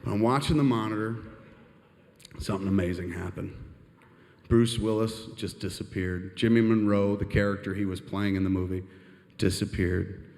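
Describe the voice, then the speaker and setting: A man telling a long, animated anecdote on stage, rambling and swearing as he goes. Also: lowish voice, normal speed, vocal fry. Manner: animated, profane, rambling with "and shit". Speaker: storyteller on stage. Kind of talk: live storytelling monologue. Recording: long reverb of a live hall.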